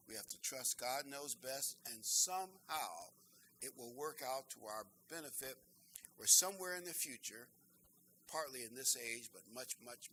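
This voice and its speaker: An older man preaching a sermon, earnest and emphatic, slowing down to stress key phrases. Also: mid-range voice, sharp tone, a little hiss or hum, rough recording.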